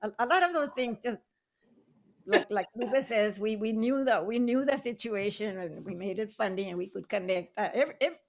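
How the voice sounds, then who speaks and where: An older woman from Southern Arizona, a playwright and actress, reminiscing casually on a video call, chatty and quick to laugh, slipping Spanish phrases into her English. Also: medium pitch, animated, vocal fry, a little mellow.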